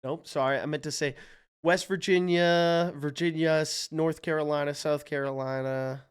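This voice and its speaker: A man from Canada streaming live, thinking out loud while he guesses, hyped up and swearing freely. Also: on the high side, steady tone, normal speed, clean tone. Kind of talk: casual live-stream commentary.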